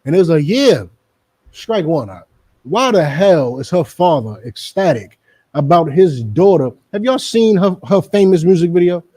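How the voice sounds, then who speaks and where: A man's voice: a little high, lively intonation, moderate pace, warm tone. A middle-aged man giving emphatic, repetitive, lecturing commentary in a preaching style, addressing the people around him by name. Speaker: religious group speaker on a radio show.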